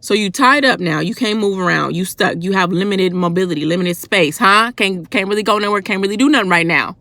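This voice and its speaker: For her faith vlog, a woman gives a fervent, colloquial devotional talk, loud and worked up, repeatedly posing rhetorical questions. Her voice is medium-pitched and fairly quick, and the recording is dry.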